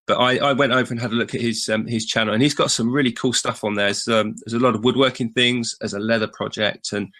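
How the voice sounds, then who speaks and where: A man hosting a casual podcast in a relaxed, chatty way. He keeps the conversation moving between guests, passing the turn along. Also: medium pitch. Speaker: podcast host.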